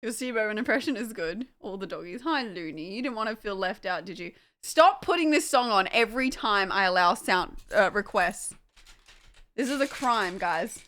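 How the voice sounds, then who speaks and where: Give me a young woman chatting to her stream, bright and scattered. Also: medium pitch, lively intonation, moderate pace. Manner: chatty, distracted, swearing, laughing at her dogs. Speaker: livestreamer. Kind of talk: casual livestream chat. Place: at home with dogs.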